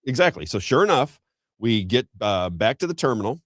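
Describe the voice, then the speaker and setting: Fast-talking middle-aged male talk host. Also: mid-range voice, no echo. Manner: rambling, animated, frequent restarts. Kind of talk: casual storytelling commentary.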